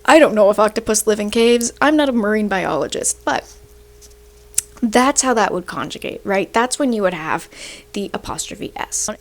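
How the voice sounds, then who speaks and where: A woman's voice: medium pitch, lively intonation, moderate pace. A young adult woman, a university student, explaining grammar and statistics in a chatty way, often ending sentences with "right?" while she has the hiccups. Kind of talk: casual explainer rant.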